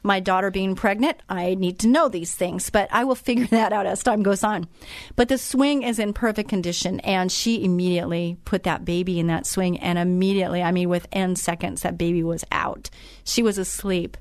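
A woman's voice: medium pitch, fairly even intonation, moderate pace, dry recording, clean studio sound. A middle-aged woman who hosts a faith-based radio show, telling a story in a chatty, enthusiastic way with frequent restarts.

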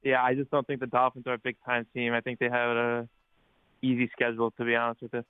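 A man calling in to a sports radio show, halting, with fillers and stammers. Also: mid-range voice, monotone, clean tone, no echo. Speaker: caller. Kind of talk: phone-in call. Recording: tinny phone line.

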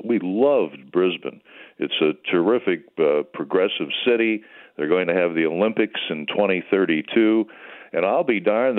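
An older American man, a sports broadcaster, telling stories in an easygoing, rambling way as a guest on a radio show over the phone. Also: low-pitched. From United States. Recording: tinny phone line.

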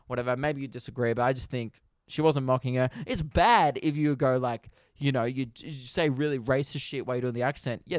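Profane Australian comedian ranting dryly. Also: male voice, mid-range voice, no echo, studio quality. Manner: animated, profane, conversational. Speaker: comedian podcast host. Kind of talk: casual comedic rant.

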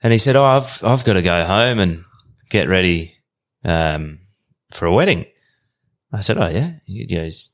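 Male podcast guest, low voice, easygoing rambling storyteller. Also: very animated, normal speed.

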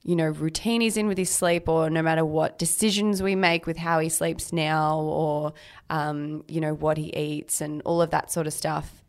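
A woman's voice: low-pitched, fairly even intonation, normal speed, few pauses. A woman co-hosting a podcast, a mother talking in a reflective, thoughtful way in casual chat, with frequent "like" fillers. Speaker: podcast co-host.

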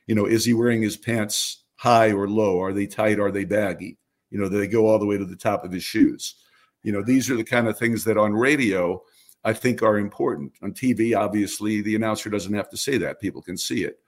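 An older man, a baseball radio announcer, calmly explaining his craft in an interview with a lot of "you know". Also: fairly low pitch, fairly quick. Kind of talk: relaxed interview answers.

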